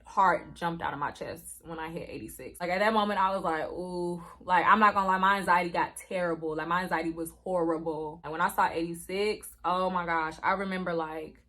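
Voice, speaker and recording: A woman's voice: lowish voice, fairly even intonation, a little fast, hardly any pauses, pushed and bright. A young woman in her twenties telling a personal story to camera in a casual vlog, chatty and emotional, leaning on "like" and "y'all" as she goes from anxious to deflated. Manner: chatty, heavy use of "like" and "y'all". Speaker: vlogger.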